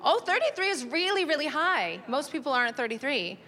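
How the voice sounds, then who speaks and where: A woman doing stand-up comedy on stage, talking in an animated, sardonic way and laughing through her punchlines. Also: high-pitched, a little fast. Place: comedy stage with live audience.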